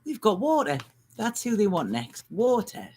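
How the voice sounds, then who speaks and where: A woman's voice: mid-range voice, huge pitch swings, warm tone, slightly rough. Rambling woman giving a reading. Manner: halting, rambling, restarts phrases. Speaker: astrology and intuitive reader. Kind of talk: improvised spiritual reading.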